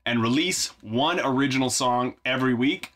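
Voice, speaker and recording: A man's voice: medium pitch, normal speed, fairly bright tone. A man hosting a songwriting vlog from his home studio, talking casually in a wry, self-mocking way as he thinks aloud while working. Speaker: songwriter and video host.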